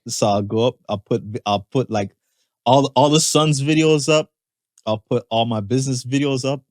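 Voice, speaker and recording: A man's voice: medium pitch, darkish tone, dry recording. Chill guy on a podcast, mid voice, stumbles and repeats himself, dry sound. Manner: laid-back, halting, repeats words. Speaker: podcast co-host. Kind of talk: casual chat.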